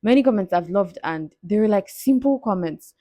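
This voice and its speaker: A woman's voice: medium pitch, expressive, moderate pace, warm tone, no echo, clean studio sound. A young woman, answering viewer questions in a candid, playful way that breaks into frequent laughs. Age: 20s. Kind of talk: casual Q&A vlog.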